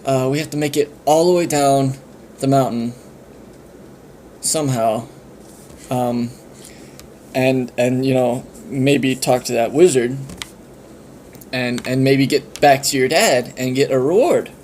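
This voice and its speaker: A man's voice: mid-range voice, takes it slowly, pauses often, darkish tone, slight background noise, close to an everyday voice. A man voicing a clumsy, nervous young knight who stammers and gets flustered. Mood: relieved.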